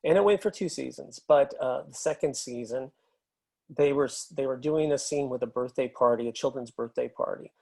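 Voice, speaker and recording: A middle-aged man, a film and TV editor, telling relaxed anecdotes as an interview guest, with plenty of fillers. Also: mid-range voice, moderate pace, vocal fry. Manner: relaxed storyteller, many fillers.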